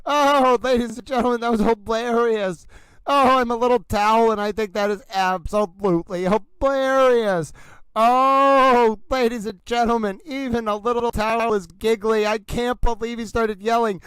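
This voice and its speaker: A man hosting a live stream, talking casually and excitedly to his viewers and often calling out "ladies and gentlemen". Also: very high-pitched, normal speed, clean tone, no room sound, rough recording. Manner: animated, exclamatory, addresses viewers as ladies and gentlemen. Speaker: livestream host.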